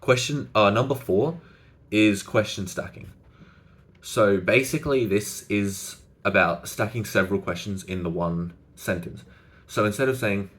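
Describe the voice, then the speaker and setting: A man's voice: lowish voice, normal speed, a bit bright. A young man giving social-skills advice in a loose, conversational way, full of "like" fillers and restarts. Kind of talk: casual to-camera advice talk.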